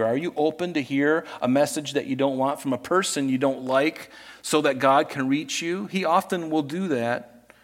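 A man's voice: fairly high pitch, fairly bright tone. A man preaching a sermon in a conversational style, acting out scripture scenes as he retells them. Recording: reverberant hall.

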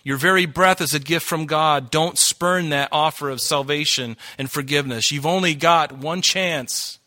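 This pastor's sermon is fervent and heated, punctuated by laughter and asides as he addresses the congregation in a church hall. He speaks a little high, with a pushed, bright quality.

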